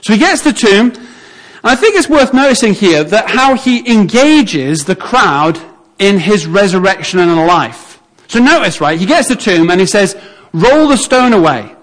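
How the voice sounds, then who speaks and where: A man with a notably high voice delivers a sermon. He tells the story vividly and acts out how the onlookers would have reacted. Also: big pitch swings, normal speed, a bit bright. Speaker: preacher.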